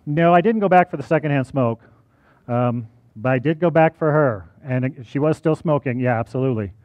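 A man speaks to an audience at a college, conversational and personal, often asking the room "right?". His voice sits in a middle pitch. The recording is dry and somewhat dull. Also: brisk, darkish tone, no echo. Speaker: college teacher giving a talk.

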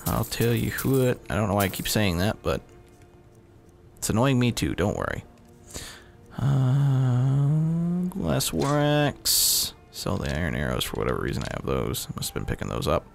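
Self-mocking gravelly-voiced gamer. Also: male voice, on the low side, very animated, moderate pace. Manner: rambling, self-mocking, swears often. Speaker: gaming video host. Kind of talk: casual let's-play commentary. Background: game sounds and music.

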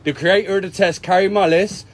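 A man's voice: high voice, steady tone, a little fast. A man arguing heatedly on a street, insistent and repeating himself, recorded on a handheld phone. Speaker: protester.

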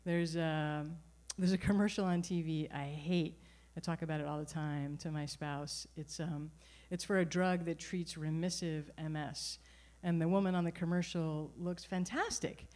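A woman's voice: low voice, normal speed, few pauses. Chatty middle-aged woman telling a story. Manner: conversational, animated, self-correcting. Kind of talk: live storytelling. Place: live storytelling venue.

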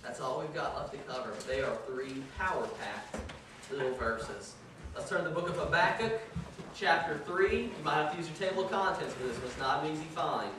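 Pastor preaching in an echoey church. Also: male voice, on the high side, animated, fairly quick. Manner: joking, self-deprecating storyteller. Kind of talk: sermon. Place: church sanctuary. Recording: echoey church from far off, with noise.

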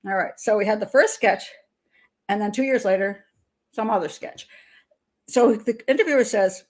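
A woman's voice: medium pitch, moderate pace, long pauses. An older woman hosting her channel, giving frank, opinionated commentary on a criminal investigation. She talks through restarts and laughs between points. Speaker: criminal profiler, channel host. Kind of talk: casual commentary monologue.

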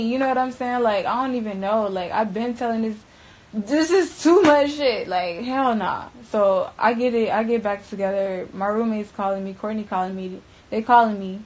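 A young woman recounting what happened in a loose, profane, rambling way, full of filler words, swinging between loud, animated bursts and hushed stretches. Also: medium pitch, moderate pace, low-quality recording. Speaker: interviewee recounting events. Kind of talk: casual storytelling.

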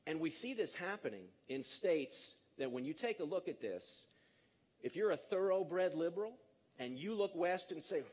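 A man in his fifties gives a live public talk in an energetic, emphatic way and engages the audience directly. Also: a little high, moderate pace, slightly rough. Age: 50s. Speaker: conference speaker.

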